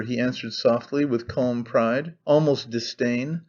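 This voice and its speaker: A man reading an audiobook in a measured, even storytelling manner. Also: medium pitch, muffled recording. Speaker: audiobook reader. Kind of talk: scripted narration.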